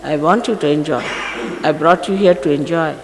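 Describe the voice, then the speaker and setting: A woman's voice: sits low, moderate pace. A woman giving an emphatic, scolding spiritual talk to her followers. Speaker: spiritual teacher. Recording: echoey, roomy archive recording with faint noise.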